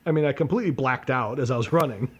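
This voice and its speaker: A man's voice: mid-range voice, quick pace, breathy edge, lo-fi sound. Podcast guy, rambling storyteller, swears a lot, cracks himself up. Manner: rambling, profane, laughing at himself. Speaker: podcast co-host. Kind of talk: casual storytelling chat.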